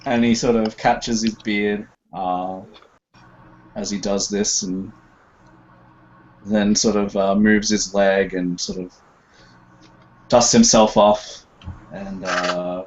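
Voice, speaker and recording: A man describing his character's actions as a tabletop game player, halting and full of fillers. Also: fairly low pitch, level tone, dull audio, slight background noise. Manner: slow, halting. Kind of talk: casual tabletop play.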